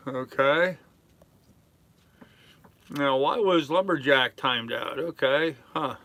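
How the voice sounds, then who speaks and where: An older man live-streaming from his sailboat in a harbor, chatting casually with his chat in a relaxed, rambling way full of fillers. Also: medium pitch, slow, pauses often, no echo. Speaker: sailing vlogger reading live chat.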